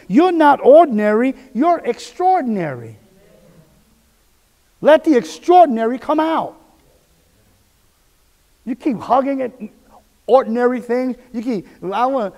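A man preaching from the pulpit in a notably high voice. He drives his points home by repeating them and speaks the lines of inner voices aloud. A long reverb trails his words through the church. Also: warm tone. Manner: emphatic, repetitive preaching with quoted inner voices. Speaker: pastor. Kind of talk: sermon.

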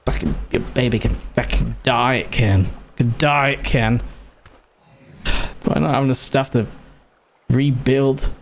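Excitable man cursing at a game. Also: mid-range voice, slow pace, creaky, pauses often, slight background noise. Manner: excitable, swears often, talks to the game. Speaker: streamer. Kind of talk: gameplay commentary.

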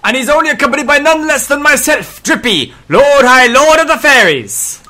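A man's voice: extremely high pitch, expressive, moderate pace, pushed and bright, pitched above the performer's own voice, exaggerated voice. A man doing a pompous chatty fairy lord. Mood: grand. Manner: theatrical, flowery and chatty.

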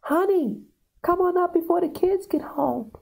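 A man putting on a high, sugary voice for a suburban mom in a sing-song falsetto. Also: animated, measured pace, creaky, mellow, heavily acted.

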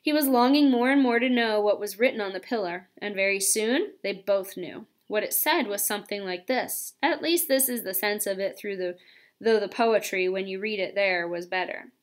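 A woman reading a children's novel aloud with expressive, lively storytelling. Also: mid-range voice, moderate pace. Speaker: audiobook reader.

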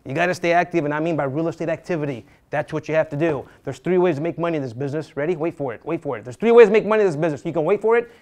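A middle-aged man teaching a real estate class in a lively lecture style. He is animated and dramatic, acting out panicked agents and joking with the students. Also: fairly high pitch, racing, hardly any pauses.

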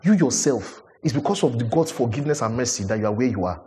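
Animated man preaching. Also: mid-range voice, fast talker. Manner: animated, rises to emphatic peaks, laughs and asks the listeners questions. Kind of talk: sermon.

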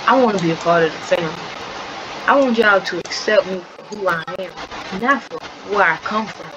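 A woman voicing a young half-sister who earnestly pleads to be accepted, on a slightly dull recording with steady noise behind. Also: mid-range voice, moderate pace, natural voice. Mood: pleading.

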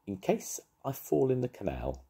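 A man voicing a small, polite young bear who is eager and earnest, talking in excited, breathless exclamations. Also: mid-range voice, moderate pace, creaky, slightly rough, pitched above the performer's own voice, full character voice. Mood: anxious.

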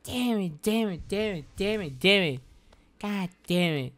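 A woman's voice: medium pitch, lively intonation, a little slow. Woman streamer ranting through a game. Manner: exasperated, swearing, repeating words in bursts. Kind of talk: live gameplay commentary.

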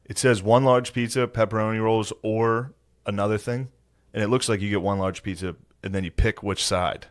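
A man's voice: on the low side, fairly even intonation, normal speed, no room sound, studio quality. A man telling a rambling, profane anecdote in casual podcast chat. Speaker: podcast co-host.

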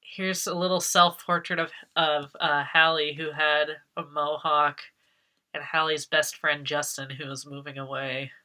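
A woman with a very bright, sharp-edged voice and a slightly low pitch, talking casually as a vlogger. She is excitable, laughs often and swears freely when something annoys her. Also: unhurried. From Massachusetts. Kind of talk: casual unboxing commentary.

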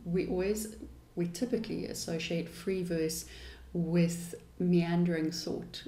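A woman's voice: on the low side, dark tone. Woman teaching poetry, echoey room. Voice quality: thoughtful, explanatory manner with restarts. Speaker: English teacher. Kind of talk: poetry lesson.

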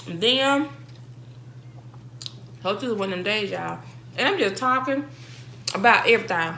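Casting note: bright, animated woman, chatty storyteller eating on camera, faint hiss behind. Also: medium pitch, unhurried. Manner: chatty, storytelling, laughing asides. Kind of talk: casual mukbang chat.

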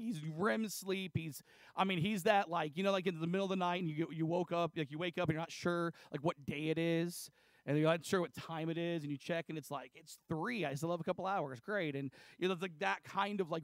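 A man's voice: fairly high pitch, dry recording. A man preaching a casual, chatty sermon, retelling a story with lots of fillers and acted-out dialogue. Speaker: pastor. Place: church.

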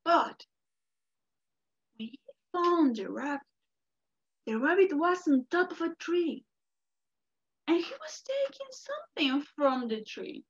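Expressive woman storyteller from Mexico. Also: very high voice, slow pace, pauses often. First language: Spanish. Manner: expressive, asks listeners questions. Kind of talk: animated storytelling to an audience. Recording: dull lo-fi recording.

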